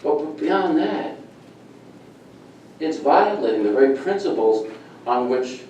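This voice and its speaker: During public comment at a town hall meeting, a middle-aged man speaks angrily and emphatically, repeating his points. His voice is medium-pitched and warm. Picked up from far off in an echoey meeting room, the audio has its highs cut and slight background noise.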